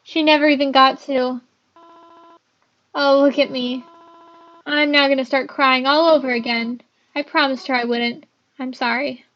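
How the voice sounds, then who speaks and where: Girl doing a high-voiced grieving mother, tearful, on a dull lo-fi recording. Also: fairly even intonation, measured pace, long pauses. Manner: sorrowful, tearful, apologetic. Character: grieving mother of a dead young woman.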